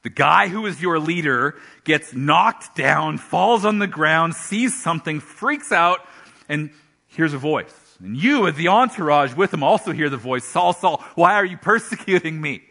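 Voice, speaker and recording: A male pastor preaching a sermon, telling a Bible story with animated storytelling and acted-out voices. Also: fairly high pitch, a little slow, gravelly.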